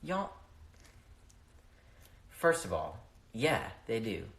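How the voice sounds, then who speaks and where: A man's voice: on the low side, sing-song, drawn-out words, creaky, heavy background noise. A young man hosting a casual livestream, chatting loosely with viewers, swearing freely and losing his train of thought, talking into a phone. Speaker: livestream host answering viewer questions. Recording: roomy echo.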